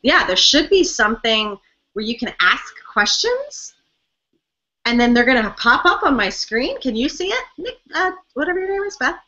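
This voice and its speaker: A woman's voice: sits high, big pitch swings, moderate pace, sharp tone. A young woman co-hosting a casual live-stream fan chat, chatty and giggly, easily distracted. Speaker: co-host of a fan chat show. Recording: dull lo-fi webcam audio.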